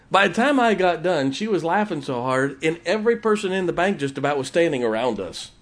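A man's voice: on the high side, lively intonation, normal speed. Folksy preacher man telling stories. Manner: folksy storytelling, laughing at his own jokes. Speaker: pastor. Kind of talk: sermon. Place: church.

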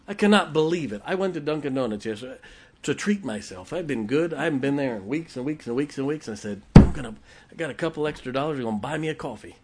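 An older man with a drawl preaches to his congregation. He spins folksy, laughing stories, and his voice sits at an ordinary middle pitch. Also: expressive, fast, background noise. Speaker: pastor. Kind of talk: sermon.

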